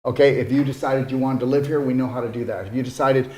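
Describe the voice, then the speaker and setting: A man's voice: medium pitch, fairly even intonation, fast talker, warm tone. A man giving a casual, earnest motivational talk as a wellness retreat host, coaxing his listeners and often checking in with "okay?". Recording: echoey room.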